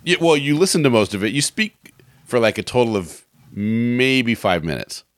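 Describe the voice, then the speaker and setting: A man's voice: mid-range voice, lively intonation, moderate pace, dry recording, clean studio sound. A man hosting a podcast in a casual, rambling way, often laughing and restarting his sentences. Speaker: podcast host.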